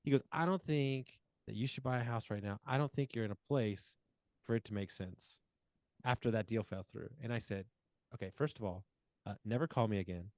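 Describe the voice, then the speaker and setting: A man's voice: fairly low pitch, a little fast, dry recording. A man in his forties telling a long personal story as a podcast guest, acting out quoted dialogue with plenty of fillers. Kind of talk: casual storytelling interview.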